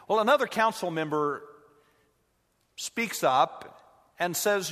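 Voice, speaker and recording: A man preaching a sermon as pastor in a church, measured and earnest. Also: on the high side, animated, fairly bright tone. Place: church sanctuary. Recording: echoey hall.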